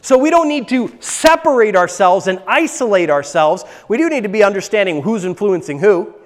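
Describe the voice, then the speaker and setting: A man with a notably high voice preaches an emphatic sermon and hammers his points home by repeating words. He is recorded in a church, and long reverb from the large hall trails after his lines. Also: animated, moderate pace. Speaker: pastor.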